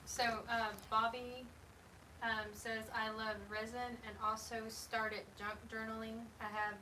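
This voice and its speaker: A woman's voice: a little high, flat delivery, a little slow. A woman reading viewer comments aloud in a hesitant way with filler words, heard off-mic. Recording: distant off-mic voice with faint room noise.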